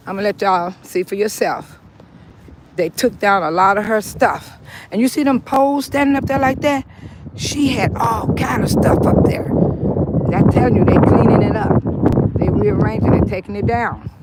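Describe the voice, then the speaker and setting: A woman's voice: medium pitch, background noise. Chatty woman vlogging outdoors. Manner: chatty, repeats herself, sudden loud exclamations. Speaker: local vlogger. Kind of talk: casual walking-tour vlog. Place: driving, then walking outdoors in a park.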